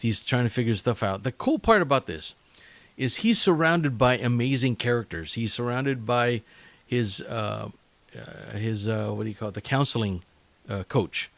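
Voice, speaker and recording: A man hosting a casual solo podcast, talking in a chatty, halting way with many fillers and restarts. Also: mid-range voice, dry recording. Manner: chatty and enthusiastic. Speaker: podcast host.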